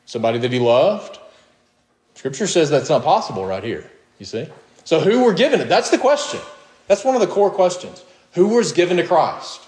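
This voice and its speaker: A man preaching a sermon in an emphatic way, reading verses aloud and pushing his voice up high on his questions. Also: a little mellow, echoey room. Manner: emphatic, rising to high questions, with short laughs.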